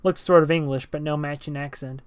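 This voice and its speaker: A man giving an amateur audiobook reading of a novel, telling it in first person in a brisk, tense way. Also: fairly high pitch, steady tone, clean tone, no room sound.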